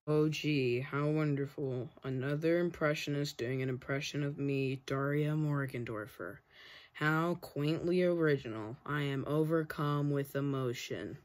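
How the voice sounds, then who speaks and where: A man voicing a deadpan, sarcastic cartoon teenage girl in a flat monotone. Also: on the high side, unhurried, pitched below the performer's own voice, natural voice.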